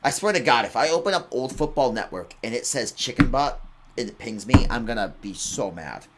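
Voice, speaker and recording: A man's voice: medium pitch, lively intonation, moderate pace, very noisy. A young man telling rambling, casual stories at halftime of an online game broadcast, with bursts of exaggerated outrage.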